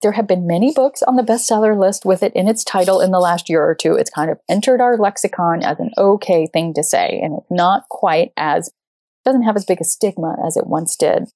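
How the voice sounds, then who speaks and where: A middle-aged woman hosting a talk show, telling a story in a lively, conversational way and acting out the people she quotes. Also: fairly low pitch, fairly quick, no echo. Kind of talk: conversational monologue.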